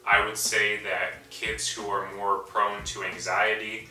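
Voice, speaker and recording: A man's voice: lowish voice, flat delivery, slow, bright, forceful tone. A young man, a student, giving a class presentation in a tongue-in-cheek news-reporter manner with dry asides. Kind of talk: school presentation in a mock news-reporter persona. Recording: echoey room, distant mic, faint music.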